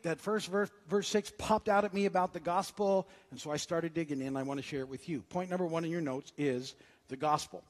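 A man preaches as pastor in a church sanctuary, his voice on the high side and his pace fairly quick. Between scripture readings he stays conversational and tells jokes, all wrapped in long church-hall reverb.

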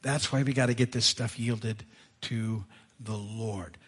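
A male pastor preaching a sermon in a conversational, animated way, laughing at himself as he goes. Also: medium pitch, unhurried, breathy edge. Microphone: live sermon mic. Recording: church service audio.

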